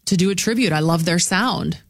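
Animated female radio co-host. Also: on the low side, fairly quick. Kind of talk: casual morning radio banter.

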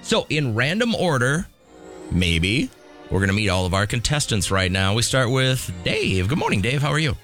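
A man's voice: mid-range voice, huge pitch swings, moderate pace, fairly bright tone, soft background music. A man hosting a radio morning show, running a call-in game and joking with callers in a chatty way. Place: radio studio. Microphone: studio microphone.

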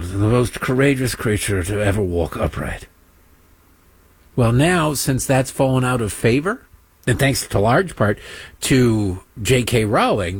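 A man's voice: medium pitch, breathy edge, no echo. A man hosting a political talk show. He delivers a sarcastic, mocking monologue and keeps slipping into impressions.

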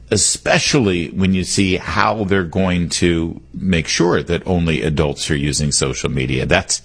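A man's voice: low-pitched, moderate pace, slightly rough. A man hosting a talk radio show, delivering an opinionated, punchy monologue and repeating the call-in number.

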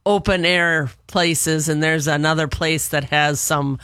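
Bright-voiced man reading farm event listings. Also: fairly high pitch, fairly even intonation, unhurried, clean tone, dry recording. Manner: chatty, reads listings, stumbles over place names. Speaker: radio co-host. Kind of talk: casual radio chat and event listings.

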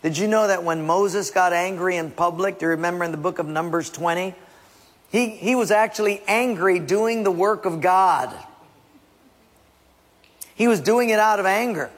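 A man's voice: high-pitched, normal speed. A man preaching a sermon emphatically, often dropping to a near-whisper, in a church hall. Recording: long hall reverb.

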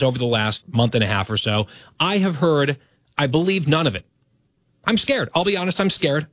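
A man's voice: medium pitch, a bit bright, no room sound. A man hosting his talk radio show, speaking in an earnest, grateful and self-deprecating way into a studio microphone.

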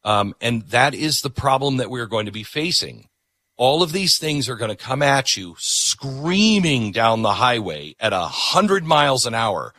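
A man's voice: mid-range voice, big pitch swings, unhurried, pushed and bright, no room sound, studio quality. A man hosting a talk show, delivering an opinionated, emphatic monologue that repeats words for punch.

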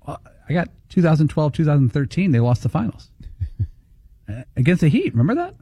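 A man co-hosting a sports radio show, cutting in with quick remarks and chuckles. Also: on the high side, big pitch swings, warm tone, husky, no room sound, studio quality.

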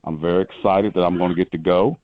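Very deep-voiced man, emphatic banter. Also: steady tone, quick pace, no echo, narrow, tinny audio. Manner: emphatic, stresses the last word of his sentences. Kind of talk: bantering radio talk.

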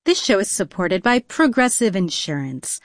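A woman's voice: mid-range voice, sing-song, moderate pace, dry recording, clean studio sound. A woman reading an insurance commercial in an upbeat, polished way. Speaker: ad announcer. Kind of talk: commercial read.

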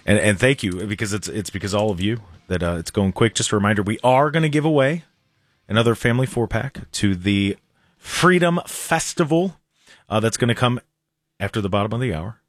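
A man's voice: fairly low pitch, no room sound. A man hosting a radio talk show, chatting casually and often restarting his sentences. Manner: chatty, halting, starts sentences over. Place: radio studio. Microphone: studio microphone.

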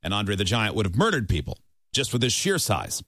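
A man's voice: on the low side, wildly swooping pitch, a little fast, a bit bright, no room sound. A man hosting a radio show, chatting conversationally through a news segment. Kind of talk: morning radio show chat.

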